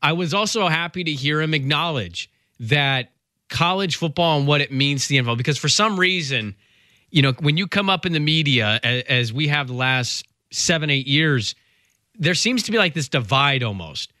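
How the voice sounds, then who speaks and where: A man co-hosting a sports talk show, his voice bright and forward. He speaks in a casual, opinionated way, restarting phrases as he goes. The sound is dry and close, with no room around it. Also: fairly high pitch, lively intonation, no echo. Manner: conversational, opinionated, quick restarts. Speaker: sports radio co-host.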